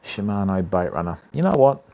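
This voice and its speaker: A man's voice: on the low side, sing-song, a little fast, creaky, noisy background. A man hosting a casual fishing livestream, chatting with viewers and calling them mate. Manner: chatty, matey, addresses chat as mate and fam. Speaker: livestream host of a fishing channel.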